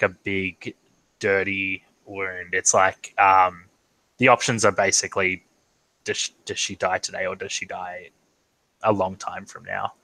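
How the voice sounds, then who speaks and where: Man, game master, tabletop game narration, bright voice, lowish pitch, hesitant with ums, video call. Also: dry recording, low-quality recording. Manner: hesitant, full of ums and restarts. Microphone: online video call.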